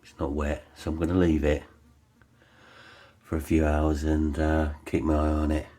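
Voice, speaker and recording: A man's voice: very deep voice, monotone, normal speed, warm tone. A man vlogging a home plumbing repair, chatty and self-mocking with a playfully melodramatic streak. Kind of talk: casual DIY vlog talk.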